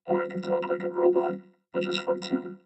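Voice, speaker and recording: A man's voice: rumbling low, completely flat delivery, brisk, vocal fry, darkish tone, lo-fi sound, soft background music, voice pushed down, heavily acted. A man talking through a robot voice filter, offhandedly demonstrating a voice changer. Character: low robotic machine voice.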